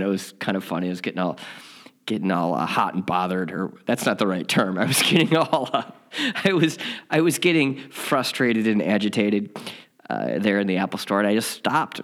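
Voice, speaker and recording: A man's voice: on the low side, animated, moderate pace, fairly bright tone. A man teaching a spiritual lesson, telling a candid story in a rambling, self-mocking way before reading the day's lesson.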